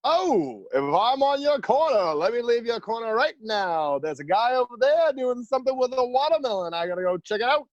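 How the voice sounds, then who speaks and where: A man's voice: extremely high pitch, sing-song, a little fast, hardly any pauses, no room sound, muffled recording. A man playing a chatty, boastful skinny hobgoblin in a tabletop game, teasing and rambling. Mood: playful. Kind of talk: tabletop role-play in character.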